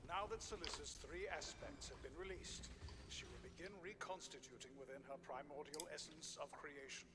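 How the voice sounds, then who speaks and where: A man's voice: on the high side, moderate pace, very noisy, natural voice. An actor voicing a smug, bossy male game master who speaks in a mocking, commanding way.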